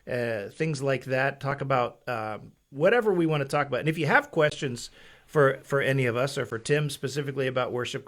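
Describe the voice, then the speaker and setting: A man hosting a casual church live stream, chatty, with halting restarts and easy laughter. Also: mid-range voice, a bit bright. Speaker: church webcast host.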